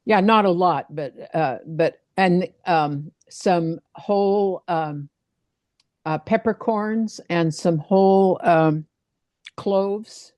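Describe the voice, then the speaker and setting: A woman in a casual video-call chat, speaking in a measured, thoughtful way. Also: on the low side, a little mellow, no room sound.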